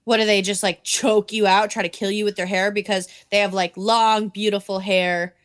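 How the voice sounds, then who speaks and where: A woman co-hosting a podcast recaps an anime in casual chat, her mid-range voice at normal speed. She retells scenes with animation, acts out quotes, and swears freely.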